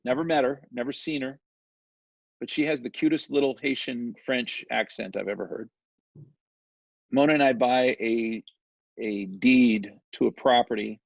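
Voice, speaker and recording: Gravelly, chatty man telling a story. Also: mid-range voice, normal speed, no echo. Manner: animated, chatty, often asks "right?". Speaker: guest, real estate developer. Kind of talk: casual storytelling interview. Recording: dull lo-fi recording, dry.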